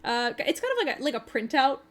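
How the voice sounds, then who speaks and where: A woman's voice: high-pitched, lively intonation, fast. A woman running a tabletop game as game master, narrating in a chatty, hesitant way with many fillers.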